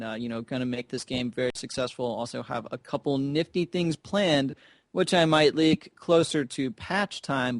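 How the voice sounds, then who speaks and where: A man casting an online game tournament, chatty and rambling, with jokes thrown in. His voice sits at an ordinary middle pitch. The sound is close and dry, from a headset mic. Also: no echo. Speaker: esports caster. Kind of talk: casual game commentary.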